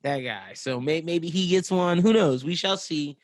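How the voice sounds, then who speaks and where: Laid-back slangy man, higher voice. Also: measured pace, no echo. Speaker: podcast co-host. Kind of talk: casual chat.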